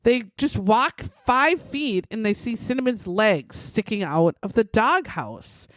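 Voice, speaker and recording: Animated woman telling a true crime story. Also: fairly high pitch, unhurried, dry recording. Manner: animated, acts out quotes, swears freely. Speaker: podcast host.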